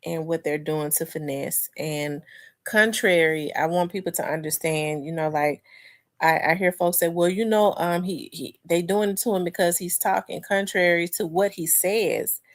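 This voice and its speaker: A congested woman in her forties hosts a casual livestream and talks straight to her viewers. Her voice sits a little low, and she rambles through fillers and restarts, calling the audience y'all. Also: steady tone, normal speed. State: congested, clearing throat. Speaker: livestream host. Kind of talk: casual livestream commentary, reading chat.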